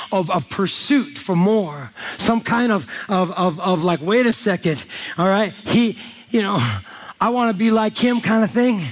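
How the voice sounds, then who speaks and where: Animated high-voiced male preacher. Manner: animated, joking with the congregation. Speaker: pastor. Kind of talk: sermon. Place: church hall.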